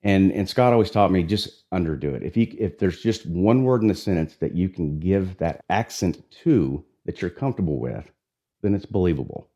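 A man who narrates audiobooks, with a deep, raspy voice, chatting in an easygoing, talkative way. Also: moderate pace. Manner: relaxed, talkative, with restarts. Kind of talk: conversational interview.

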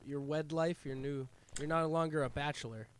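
Man, hoarse, raspy, slightly high voice, playful podcast co-host, laughs a lot. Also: steady tone, moderate pace, dry recording. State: hoarse from being sick. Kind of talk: casual podcast banter.

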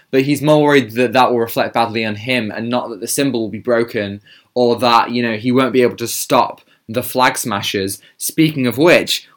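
A man co-hosting a podcast in casual chat, explaining his views at length with some fillers. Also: medium pitch. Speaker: podcast co-host.

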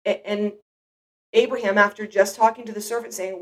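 A woman's voice: mid-range voice, fairly even intonation, brisk, far from the mic, rough recording. A mother giving an earnest, reflective devotional Bible teaching, speaking directly to the listener.

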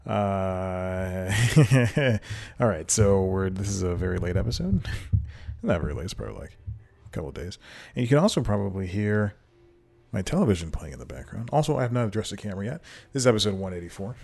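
A man's voice: on the low side, expressive, a little fast, gravelly, a little mellow. A man hosting his podcast alone, rambling casually and self-deprecatingly, laughing often between thoughts into a desk microphone at home. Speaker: podcast host. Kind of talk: casual solo podcast monologue. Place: home room with TV playing behind.

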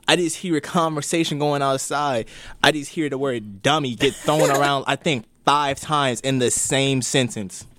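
A man's voice: mid-range voice, normal speed, a bit bright, no echo. A young man from Maryland co-hosting a casual podcast chat, teasing and arguing his point. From Prince George's County, Maryland. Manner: teasing, argumentative. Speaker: podcast co-host.

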